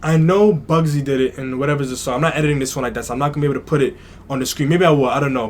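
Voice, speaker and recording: A man's voice: a little high, racing, darkish tone. New guy reacting to music, rambly, lots of "like" and "i don't know", faint hiss behind. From New York. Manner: thinks aloud, hedging, many fillers. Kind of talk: casual reaction commentary.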